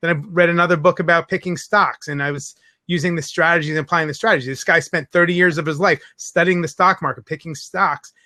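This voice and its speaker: Bright, high-voiced man hosting an interview. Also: fairly even intonation. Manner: enthusiastic, quick storytelling with restarts. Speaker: interview host. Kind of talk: casual interview chat.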